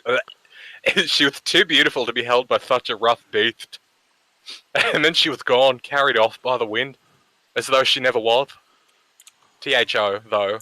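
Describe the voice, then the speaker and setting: A man's voice: mid-range voice, sharp tone, dry recording, rough recording. An Australian man giving a mocking dramatic poetry reading with crude, teasing banter. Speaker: co-host on a group stream.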